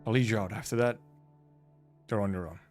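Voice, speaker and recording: A man's voice: fairly quick, soft background music, close to an everyday voice. Man voicing a terse, weary wanderer. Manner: terse, low, flat.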